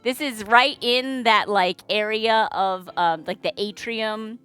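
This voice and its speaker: A woman's voice: a little high, takes it slowly, fairly bright tone, clear, resonant tone, soft background music. A woman hosting her livestream in chatty, rambling casual talk, greeting viewers. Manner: chatty, rambling, trails off and restarts. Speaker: streamer host.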